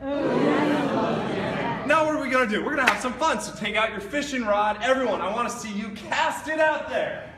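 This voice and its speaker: A man animatedly leading children through a pretend hike as a recruiting pitch. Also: animated, fast, hardly any pauses, crowd noise. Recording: echoey hall with long reverb, distant mic, noise.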